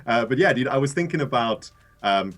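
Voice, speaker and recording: A man's voice: medium pitch, a little fast, a little hiss or hum. A man from South Africa with a South African accent, co-hosting a livestream and telling a story in casual chat. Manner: animated storyteller, laughs often, restarts. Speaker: co-host of a game livestream.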